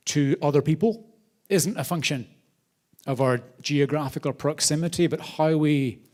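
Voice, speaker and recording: A man hosting a charity event, speaking to a live audience from a theater stage in a lively, storytelling way. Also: fairly high pitch, normal speed. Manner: animated storyteller, varied loudness. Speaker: charity host.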